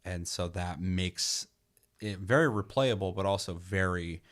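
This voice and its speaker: A man's voice: low-pitched, measured pace. A man co-hosting a gaming podcast in casual chat, swearing freely and telling stories with energy. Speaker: podcast co-host reviewing games.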